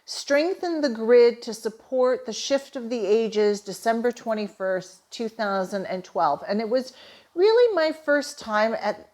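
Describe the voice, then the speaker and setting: This holistic therapist and manifesting coach, a middle-aged Canadian woman, has a slightly high, expressive voice with a darkish tone and a somewhat slow delivery. She relates a personal story with earnest, emotional enthusiasm.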